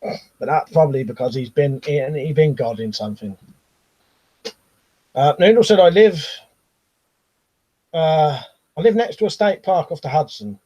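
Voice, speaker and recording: A British man hosting a casual live stream, reading out viewer comments and chatting with a laugh, often trailing off into quiet asides. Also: on the high side, a little slow, long pauses, lo-fi sound. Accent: British English. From Britain.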